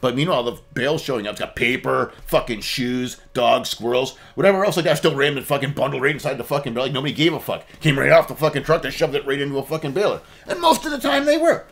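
A man's voice: medium pitch, expressive, quick pace, vocal fry, hardly any pauses. A man, a podcast guest ranting casually and swearing constantly. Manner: profane, ranting.

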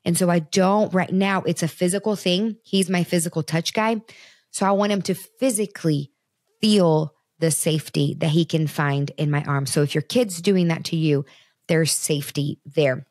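This podcast host, a woman in her thirties, talks to her audience directly in an earnest, conversational way on her parenting show. Her lowish voice is a little mellow and moves at normal speed, recorded in studio quality without echo.

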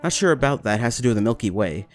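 Young male let's player, mid-pitched, jokey, profane, faint music. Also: lively intonation, rapid-fire. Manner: joking and profane, laughs often. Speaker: let's play gamer. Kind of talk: casual gameplay commentary.

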